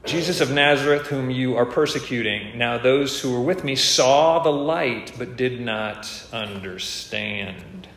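A man's voice: mid-range voice, measured pace, few pauses, fairly bright tone, a little hiss or hum. A man preaching an expository sermon, earnest and emphatic, lifting his voice on key points. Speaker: preacher and teacher. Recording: roomy echo.

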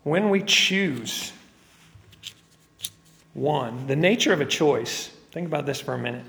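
A man's voice: mid-range voice, fairly quick, creaky, long reverb tail. A man preaching a sermon as pastor, with joking asides that build into emphatic preaching.

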